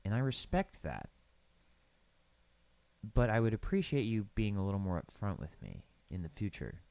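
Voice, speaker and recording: Young guy goofing around while he plays a building game, deadpan puns, lively voice, dry mic. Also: fairly low pitch, moderate pace, gravelly, no room sound. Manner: jokey, riffs on place names with deadpan puns. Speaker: gaming streamer. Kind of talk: casual rambling commentary over a building game.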